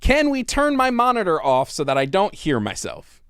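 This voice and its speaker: A young man hosts a live talk show from a small studio. His voice sits high and leaps around a lot, loose and chatty, and the room sounds close and dry. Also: huge pitch swings, moderate pace, fairly bright tone, smooth, no room sound.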